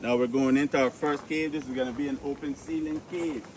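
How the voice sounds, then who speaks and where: A man with a Caymanian accent guiding an outdoor cave tour, joking, lively and full of local slang. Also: medium pitch, fairly quick, far from the mic, slight background noise. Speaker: tour guide. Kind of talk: guided tour talk.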